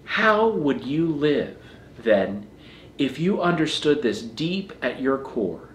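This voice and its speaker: A man's voice: mid-range voice, big pitch swings, slow, roomy sound, slight background noise. A man preaching a sermon as pastor, earnest, often repeating phrases as he builds a point.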